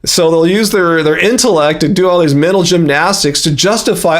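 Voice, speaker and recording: Rambling high-voiced man in his fifties. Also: moderate pace, few pauses. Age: 50s. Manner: rambling, many fillers and restarts. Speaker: livestream host. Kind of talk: casual livestream chat.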